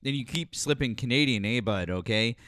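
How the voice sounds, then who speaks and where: A man's voice: medium pitch, animated, fairly quick, a bit bright, no echo, studio quality. A male host in casual call-in chat, teasing and mocking the caller.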